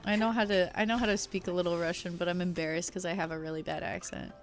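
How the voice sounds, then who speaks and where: Young woman streaming, slangy and chatty, yelps at the game, soft music under her. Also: lowish voice, fairly even intonation, quick pace. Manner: chatty, slangy, reads chat aloud, loud outbursts at the game. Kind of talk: casual game stream chat.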